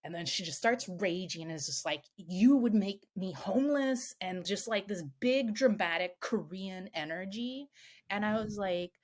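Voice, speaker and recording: A middle-aged woman telling a personal story as a podcast guest, animated, swearing freely and acting out other people's voices. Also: mid-range voice, normal speed. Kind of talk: candid storytelling.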